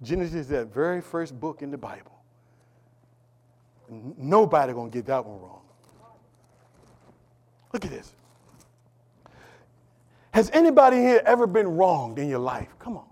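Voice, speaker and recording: A male pastor preaching a sermon, calling out to the congregation for responses and swinging between loud declarations and hushed asides. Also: on the high side, very animated, a little slow, pauses often. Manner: preaching with call-and-response, swings between shouting and near-whisper.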